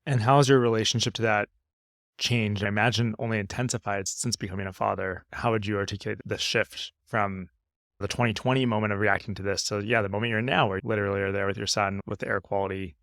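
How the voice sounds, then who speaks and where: A man hosting a podcast in an animated, chatty way, asking open questions. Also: on the low side, fast talker, creaky, no room sound, studio quality. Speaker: podcast host. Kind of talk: casual conversation.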